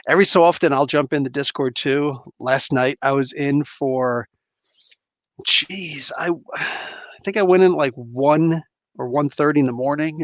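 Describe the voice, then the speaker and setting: Gravelly, laid-back male streamer. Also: a little high, no room sound. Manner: rambling and chuckly, frequent laughs and fillers. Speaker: comic book livestream host. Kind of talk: casual livestream chat, reading viewer comments aloud.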